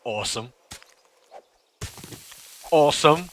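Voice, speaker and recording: A young man giving casual live commentary while he plays a game, excitable and laughing often as he chats to viewers. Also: a little high, takes it slowly, slight background noise. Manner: excitable, giggly, chatting to viewers. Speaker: gaming streamer.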